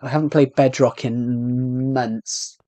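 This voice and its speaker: A man's voice: medium pitch, steady tone, slow pace, mellow, no echo. A man with a British accent chatting casually to viewers while livestreaming a game, rambling and talking to himself as he plays. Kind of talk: casual gameplay livestream chat.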